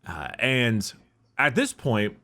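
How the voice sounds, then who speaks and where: A man's voice: mid-range voice, sing-song, slow pace, bright, forceful tone. A man casually retelling a story on a podcast, rambling with lots of fillers. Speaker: podcast host retelling lore.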